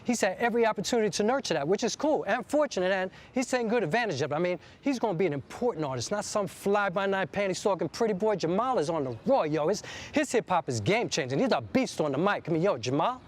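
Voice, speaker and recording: A man's voice: high-pitched, expressive, quick pace, hardly any pauses. A man performing a rhythmic, poetic spoken-word monologue. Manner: rhythmic, poetic street-inflected delivery. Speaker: writer-performer.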